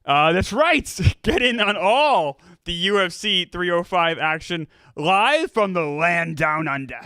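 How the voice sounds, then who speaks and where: A man's voice: sits high, lively intonation, measured pace, sharp tone, clean tone, dry recording, full character voice. A man doing a corny mock Australian accent for a sportsbook ad read. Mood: goofy. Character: hammy Australian bloke ad reader.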